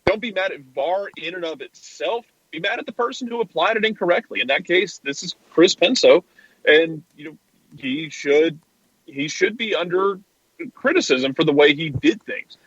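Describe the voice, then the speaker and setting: A man's voice: on the high side, expressive, moderate pace, a bit bright, breathy edge, no room sound, muffled recording. A man co-hosting a casual soccer podcast, wry and sarcastic. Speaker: podcast co-host. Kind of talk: casual sports talk.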